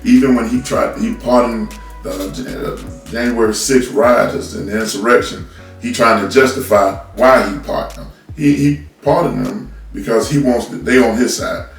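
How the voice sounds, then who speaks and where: A man's voice: medium pitch, moderate pace, faint music behind. A man ranting bluntly and scolding his listeners, stumbling over repeated words as he talks into a phone from a distance. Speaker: commentary host. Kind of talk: unscripted political rant. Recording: roomy, from a distance off the mic.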